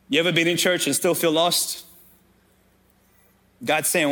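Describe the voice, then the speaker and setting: A man's voice: on the high side, fairly even intonation, unhurried, sharp tone. A man preaching a sermon as pastor, calling out directly to his congregation.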